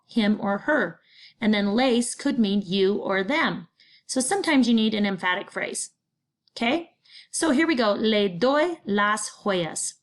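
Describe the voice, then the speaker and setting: Woman teacher, middle-aged, medium pitch, bubbly and chatty, playful asides to students. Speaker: Spanish teacher. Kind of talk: recorded grammar lesson.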